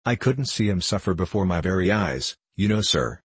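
A sly matron of a parish baby farm, all wheedling flattery and false humility, as a deep-voiced man reads her. She talks in coaxing, lower-class phrases. The voice is low and slightly husky, in a dry, close recording. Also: moderate pace, dry recording. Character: fawning sly woman running a baby farm. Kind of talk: audiobook character voice.

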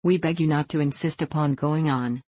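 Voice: mid-range voice, steady tone, normal speed, darkish tone, no room sound, close to an everyday voice. A reader voicing imploring nymph guardians. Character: group of young nymph guardians, pleading. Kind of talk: storybook reading.

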